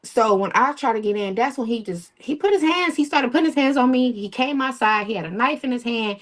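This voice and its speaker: A woman guest in an interview, telling a personal story in a halting, emotional way and acting out what people said. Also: fairly high pitch, lively intonation, fairly bright tone. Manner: tells events with quoted dialogue, emotional, halting.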